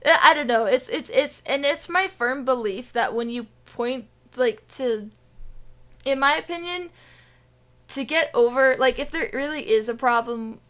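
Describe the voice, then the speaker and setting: A woman's voice: sits high, unhurried, pushed and bright. A woman co-hosting a casual gaming podcast, rambling with restarts, laughter and swearing. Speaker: podcast co-host.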